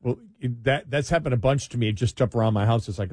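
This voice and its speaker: Husky rambling male radio host. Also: medium pitch, fairly even intonation, fast talker, a little mellow, no echo. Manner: rambling, repeats words, laughs between thoughts. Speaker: radio talk show host. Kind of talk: casual talk radio banter.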